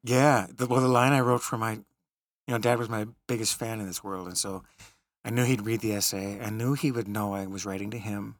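A man's voice: on the low side, fairly even intonation, fairly quick. A middle-aged man hosting a podcast, telling a personal story in a reflective, tender way. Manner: reflective, tender storytelling, laughing at funny moments. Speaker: podcast host. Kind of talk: storytelling in casual conversation.

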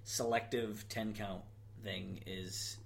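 Male co-host, relaxed, agreeable, chimes in often. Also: lowish voice, slow pace, vocal fry. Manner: laid-back, frequent agreeing backchannels. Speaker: podcast co-host. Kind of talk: casual wrestling podcast chat.

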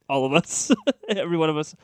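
Lively, higher-voiced jokey man. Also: no echo, studio quality. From Wichita, Kansas. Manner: jokey, riffing, laughs often. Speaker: podcast co-host. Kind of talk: casual comedic chat.

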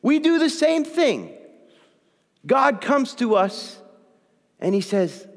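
A high-pitched, animated man preaches slowly with long pauses, reading from the Bible as part of his sermon. He speaks conversationally and keeps checking in with listeners by saying "okay?", captured with long hall reverb.

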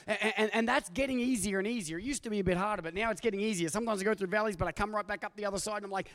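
High-voiced pastor in a reverberant hall. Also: male voice, fast talker. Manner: animated storytelling with acted-out voices. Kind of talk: sermon. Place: church auditorium. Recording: long hall reverb from a church.

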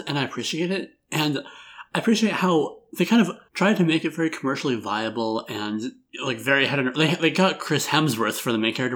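A man's voice: a little high, fairly bright tone. A man hosting a casual film review chat, wry and rambling, laughing through his jokes. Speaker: podcast host.

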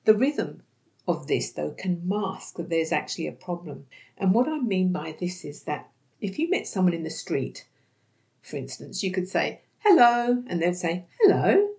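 Woman podcast host, low voice with vocal fry, patient educator tone. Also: normal speed. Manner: calm, explanatory, acts out sample dialogues.

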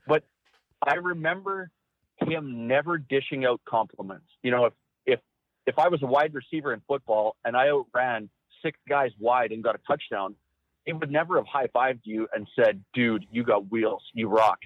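A man tells his hunting stories with lively energy, jumping up in pitch whenever he acts out what someone said. His voice comes through a dry, narrow, phone-like line. He talks at a middling pitch for a man. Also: normal speed, dry recording. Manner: animated storyteller, acts out quotes in a raised voice. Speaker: guest, former hunting cameraman. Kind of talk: storytelling interview.

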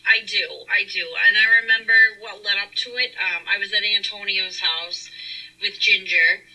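A woman's voice: medium pitch, fairly even intonation, normal speed, bright, forceful tone, far from the mic, rough recording. A young woman co-hosting, frankly telling her own story in casual chat, recorded inside a car. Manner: frank, self-deprecating. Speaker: podcast co-host. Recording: voice a bit off-mic with faint hiss.

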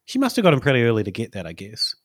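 A man's voice: medium pitch, wildly swooping pitch, rapid-fire, dry recording, studio quality. A man, co-hosting a casual podcast chat and telling a rambling story with many fillers. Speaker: podcast co-host.

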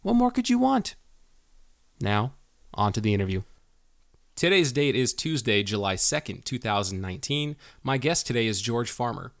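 A man's voice: on the low side, expressive, normal speed, fairly bright tone, no room sound, studio quality. A man hosting a podcast interview, chatty and jokey, with lots of fillers and restarts. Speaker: podcast host. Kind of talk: casual interview chat.

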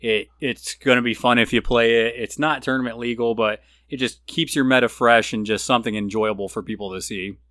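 Male co-host, bright tone, dry sound, jokey and agreeable. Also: medium pitch, fairly even intonation, a little fast, few pauses, no room sound. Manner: agreeable, jokey, chimes in with short affirmations. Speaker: podcast co-host. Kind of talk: casual tabletop game discussion.

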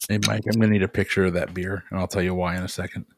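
Man hosting a podcast, quiet low voice, dry close sound. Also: flat delivery, very fast, dry recording. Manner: speaks quietly and low, joking with friends. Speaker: podcast host. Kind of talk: casual podcast chat.

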